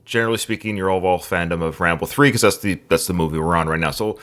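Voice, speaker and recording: A man's voice: low-pitched, fast, fairly bright tone. A man from Western Canada hosting a podcast, chatting with an enthusiastic, talkative manner. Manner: enthusiastic, chatty, laughs along. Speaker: podcast host. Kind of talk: casual podcast chat.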